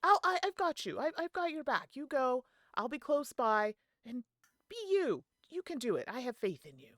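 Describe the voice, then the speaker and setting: Supportive male friend, played by a woman, coaxing and reassuring, low and dry. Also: fairly quick, bright, forceful tone, clear, resonant tone, dry recording. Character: encouraging male adult friend.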